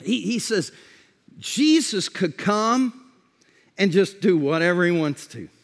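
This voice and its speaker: A man preaching a sermon in a conversational way, often restarting his sentences and softening for reflective questions. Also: high voice, expressive. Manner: conversational preaching with repeated false starts; drops to a soft, slow voice for reflective questions. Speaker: pastor. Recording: long hall reverb.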